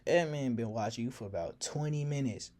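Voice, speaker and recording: A man's voice: medium pitch, a little fast, a little mellow, natural voice. A man doing a blunt teasing buddy. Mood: urgent. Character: young man, narrator's blunt loyal friend.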